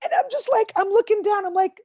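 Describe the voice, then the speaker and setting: A woman's voice: extremely high pitch, fast talker, dry recording. Woman, stand-up comic, video call, exasperated storytelling, dry close sound. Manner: exasperated, animated storytelling with acted quotes. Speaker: headlining comedian.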